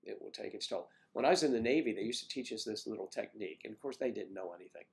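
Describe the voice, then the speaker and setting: A man's voice: fairly low pitch, very fast, darkish tone. Chatty man hosting a casual livestream. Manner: chatty, rambling, greets viewers by name. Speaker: livestream host reading viewer comments. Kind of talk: casual chat.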